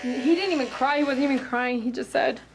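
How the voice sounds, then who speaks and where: A woman with a fairly high voice chats emotionally to her viewers as she grooms a dog. The steady buzz of clippers hums behind her in the salon. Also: a little fast, background noise. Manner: emotional, heartfelt, says "man" often. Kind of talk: casual vlog talk while grooming.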